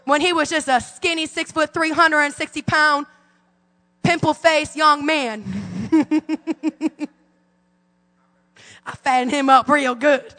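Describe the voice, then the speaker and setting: A woman's voice: high-pitched, steady tone, slow, long pauses, pushed and bright, in a large hall. A woman in her forties preaching a fervent sermon as pastor, calling out to her congregation in a church sanctuary. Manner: fervent preaching with call-and-response.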